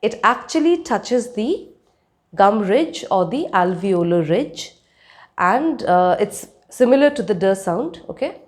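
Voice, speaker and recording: A woman's voice: medium pitch, lively intonation, slow pace, a little mellow. A woman teaching a spoken lesson, demonstrating sounds and checking in with her listeners. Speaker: accent coach.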